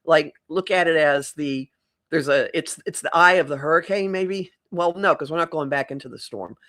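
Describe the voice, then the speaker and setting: A woman's voice: low voice, moderate pace, a bit bright. A middle-aged woman astrologer, a podcast guest, talking reflectively and rephrasing mid-thought. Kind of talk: casual conversational podcast.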